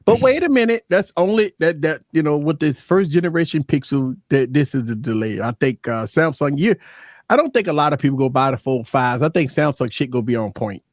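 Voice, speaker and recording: A man co-hosting a live tech show with a fairly high, very lively voice that jumps around as he rants. He talks bluntly and swears freely, in casual banter. The sound is close and dry. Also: a little fast, dry recording.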